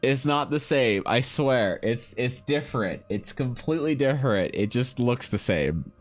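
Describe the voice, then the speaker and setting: A man streaming live while drawing, chatting casually in a rambling, joking way with animated asides. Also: medium pitch, normal speed, faint music behind. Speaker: streamer and game master. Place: home streaming setup.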